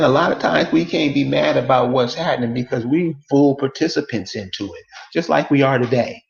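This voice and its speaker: A man's voice: mid-range voice, brisk, creaky, few pauses, roomy sound, muffled recording. A man delivering a casual, emphatic monologue to his viewers, repeating rhetorical questions over and over. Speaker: online commentator.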